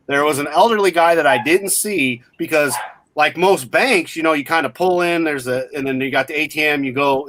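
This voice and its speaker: A man in his forties, voice pitched a little above the usual, telling a story in blunt, profane casual chat. The sound is dry and close, with almost no room around it. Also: dry recording. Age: 40s. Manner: profane, blunt, animated retelling.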